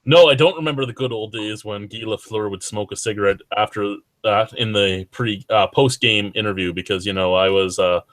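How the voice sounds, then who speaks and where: Young man, low voice, dry close sound, casual profane chat. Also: fairly quick, hardly any pauses, fairly bright tone, dry recording. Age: young adult. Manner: profane, rambling hockey banter. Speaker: podcast host.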